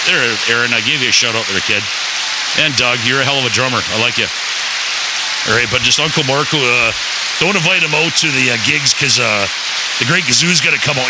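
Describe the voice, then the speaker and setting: A man's voice: mid-range voice, heavy background noise. A man hosting a podcast in rambling, playful, swearing casual chat. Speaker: podcast host.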